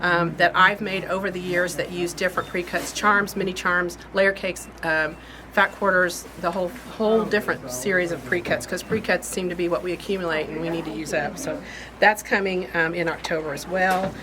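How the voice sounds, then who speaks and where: A woman's voice: lowish voice, fairly even intonation, moderate pace. Chatty shop lady running through the class list, folksy and rambly, noisy room. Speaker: shop host and class teacher. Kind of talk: casual shop-update chat.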